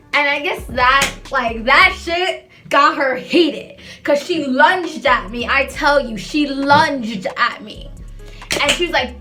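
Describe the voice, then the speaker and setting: A woman's voice: high-pitched, unhurried, sharp tone, soft background music. A young woman telling a storytime in casual chat, rambling and sassy, swearing freely.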